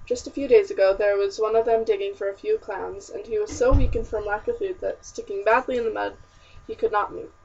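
A woman's voice: mid-range voice, fairly even intonation, brisk, vocal fry, a little mellow, husky. A woman reading the lines of a grave, plain-spoken young male colonist in an audiobook. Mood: solemn. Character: solemn young male colonist, earnest, blunt. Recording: distant, dull lo-fi audiobook recording.

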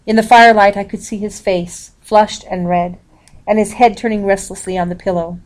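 A woman reading a historical novel aloud, calling out the page numbers as she goes. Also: medium pitch. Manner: even, measured reading with page numbers announced. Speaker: reader.

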